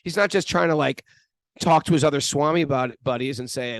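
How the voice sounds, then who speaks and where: A man's voice: fairly high pitch, animated, fairly quick, vocal fry, fairly bright tone, no echo. A man co-hosting a spiritual podcast, telling a self-mocking story in a rambling, chatty way. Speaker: podcast co-host. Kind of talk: casual spiritual chat.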